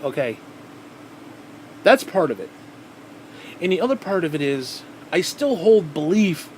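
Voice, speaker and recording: Vlogger, male, voice sitting a bit high, furious profane rant, faint AC hum underneath. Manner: heated, swearing constantly, restarting sentences. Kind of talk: angry profane rant to camera.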